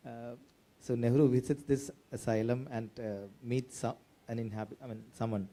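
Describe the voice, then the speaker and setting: A man answers on a book fair panel with an anecdote. He speaks hesitantly and uses many fillers. His tone is very dark and mellow, with average pitch. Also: fairly even intonation, normal speed. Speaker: panelist, editor and author.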